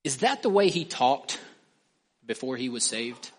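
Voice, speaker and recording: A man preaching an expository sermon, emphatic, asking the listeners questions and slowing down or speeding up for stress. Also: mid-range voice, big pitch swings, breathy edge. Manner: emphatic, asks the listeners questions, varies pace and volume for stress.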